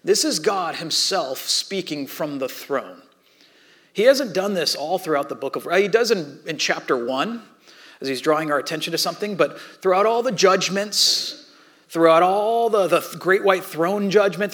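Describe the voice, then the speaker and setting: A man preaching a sermon in a conversational way, swinging between loud and hushed. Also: high voice, expressive, normal speed. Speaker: pastor.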